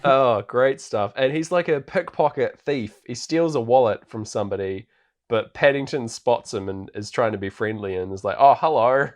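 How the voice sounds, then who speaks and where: A man of middling pitch co-hosts a podcast and recaps a film in a loose, rambling chat. He fills his sentences with "like" and "um" and breaks into laughter often. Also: normal speed. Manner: rambling, laughs often, heavy filler words. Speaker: podcast co-host.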